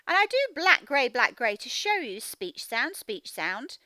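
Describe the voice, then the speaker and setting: Bright, lively woman teaching phonics. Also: fairly high pitch, no room sound. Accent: Australian. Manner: slow, sounding out words, expressive storybook reading. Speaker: teacher reading a phonics book aloud. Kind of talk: children's phonics lesson, reading aloud.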